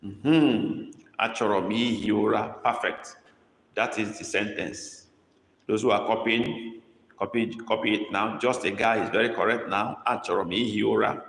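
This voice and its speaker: A man teaching a live-streamed language lesson, coaxing students and repeating each prompt slowly. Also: on the low side, fairly even intonation, fairly bright tone. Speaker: language tutor. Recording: echoey room with long reverb.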